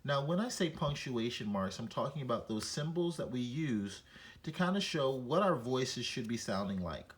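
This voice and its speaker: At normal speed and medium pitch, a man teaches a reading lesson that covers punctuation. He reads a short story aloud to contrast flat delivery with expressive delivery.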